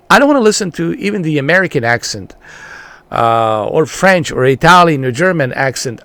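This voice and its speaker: A man giving casual, rambling gameplay commentary as a channel host, repeating himself and filling pauses with ums and uhs. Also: on the high side, a bit bright.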